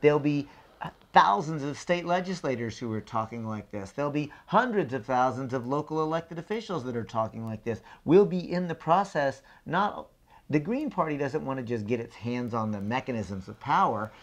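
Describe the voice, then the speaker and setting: A man's voice: medium pitch, expressive, moderate pace. A man guest in a political interview, speaking with passion and building his points through repeated phrases. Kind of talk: impassioned conversational speech.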